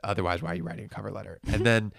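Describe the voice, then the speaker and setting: A young man giving advice in a casual chat, measured with dry humor. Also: on the low side, fairly even intonation, vocal fry, a bit bright, dry recording. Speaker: guest, former consultant.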